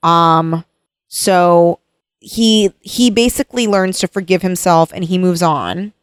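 A woman talks through a novel's story in relaxed chat, her voice sitting a little low. She stops to read passages aloud in a soft, unhurried way. The sound is dry and close, with no room around it. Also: smooth, no room sound. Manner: retells the plot, reads passages aloud softly. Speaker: book discussion co-host. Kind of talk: casual chat.

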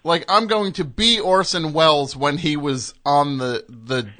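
A man hosting a comedy call-in radio show, answering the caller with dry, deadpan remarks. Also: fairly high pitch, measured pace. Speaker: radio host.

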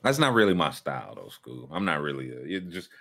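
A man's voice: very deep voice, big pitch swings, a little fast, vocal fry, pushed and bright. A man co-hosting a casual sports betting chat, laid-back and slangy. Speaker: co-host.

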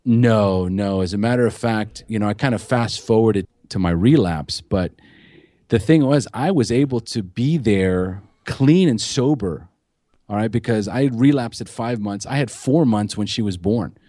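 A man with a fairly low voice tells his recovery story as a podcast guest, earnest and emotional, swearing freely. The sound is dry and close, with no room around him. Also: normal speed, mellow, no room sound.

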